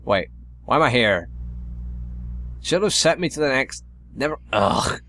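A man's voice: mid-range voice, sing-song, unhurried, sharp tone, slight background noise. A man giving casual, rambling commentary while playing a video game, with wry asides. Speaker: let's play host.

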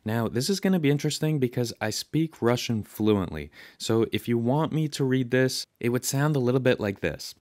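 A man hosting a software tutorial, talking casually and enthusiastically over his screen recording. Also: mid-range voice, expressive, moderate pace, few pauses, no echo, clean studio sound. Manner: chatty, enthusiastic, conversational. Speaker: tutorial host.

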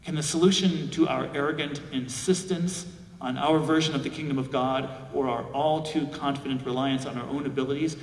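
A man's voice: mid-range voice, fairly even intonation, fairly quick. A male pastor preaching a sermon, reflective, with rhetorical questions. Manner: reflective, asks rhetorical questions, acts out quoted voices. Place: large church sanctuary. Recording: echoey church hall from far off.

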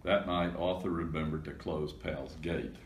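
A man reading a children's storybook aloud with steady, plain narration. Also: a bass voice, unhurried, slight background noise. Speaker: reader. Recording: echoey room.

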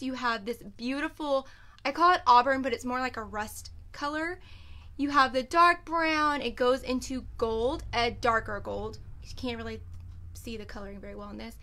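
A woman's voice: high-pitched, bright, forceful tone. A young woman, hosting a live jewelry sales video in a chatty, laid-back way with lots of fillers. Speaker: online boutique host selling jewelry.

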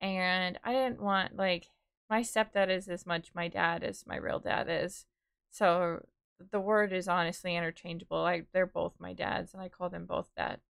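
A woman's voice: lowish voice, steady tone, moderate pace, gravelly, fairly bright tone, smooth. A woman in her twenties, chatting casually with her viewers on a live stream. She rambles as she talks, with lots of "like" and "dude".

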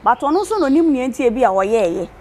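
A woman with a Ghanaian accent, a prophetess answering interview questions in a relaxed conversational way, mixing in English words. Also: fairly high pitch, fast, a little hiss or hum. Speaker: prophetess guest.

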